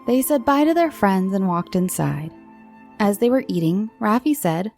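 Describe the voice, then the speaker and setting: Speaking at mid-range pitch, this woman sounds expressive, creaky and slightly mellow. She is a storyteller host telling children frightening bedtime stories in a slow, dramatic way that dips into whispers, backed by faint music.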